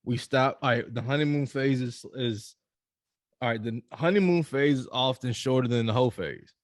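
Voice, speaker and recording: A man hosting a relaxed podcast, talking in easy slang and laughing along. His voice is of middling pitch. The sound is dry, with no room echo. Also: normal speed. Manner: laid-back, laughing, loose slang. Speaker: podcast host. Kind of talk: casual podcast chat.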